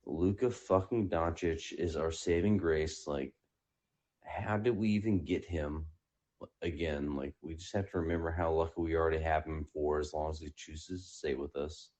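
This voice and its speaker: A man's voice: rumbling low, fairly even intonation, moderate pace, darkish tone. A man calling in to a podcast, rambling casually with many fillers. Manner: rambling, full of "like" and "you know". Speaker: caller. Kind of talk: casual call-in chat.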